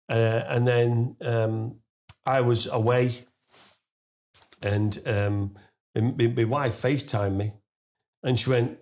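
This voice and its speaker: A middle-aged man spins a rambling, animated tale. He stumbles over his words with lots of fillers and restarts, swears casually, and his voice jumps up in pitch and volume when he gets to the unbelievable part. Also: slow pace, long pauses. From England. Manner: animated storyteller, rising to loud laughing disbelief. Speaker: guest. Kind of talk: storytelling in a podcast interview.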